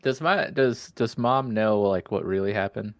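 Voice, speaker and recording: A man's voice: lowish voice, normal speed, no room sound, studio quality. A man playing a tabletop game, talking casually with lots of fillers and searching for words. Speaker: player. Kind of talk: casual chat.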